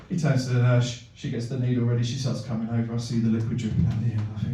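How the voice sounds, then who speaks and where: A man performing stand-up comedy, telling a long absurd story with deadpan build-ups and loud punchlines. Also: medium pitch, fairly quick, recorded from a distance, slight background noise. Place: comedy venue with live audience. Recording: echoey room miked from afar.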